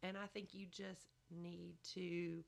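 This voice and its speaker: A woman's voice: fairly low pitch, flat delivery, slow, creaky. A woman giving motherly advice in a chatty podcast conversation, often saying "you know". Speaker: podcast guest. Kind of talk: casual advice chat.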